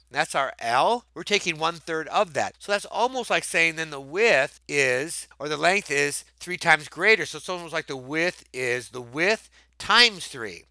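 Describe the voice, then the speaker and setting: Male math teacher, lively delivery, a bit higher-pitched, dry close sound, thinks aloud and cheers correct answers. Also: no room sound. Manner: animated, thinks aloud, exclaims over answers; asks rhetorical questions to viewers. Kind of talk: video math lesson walkthrough.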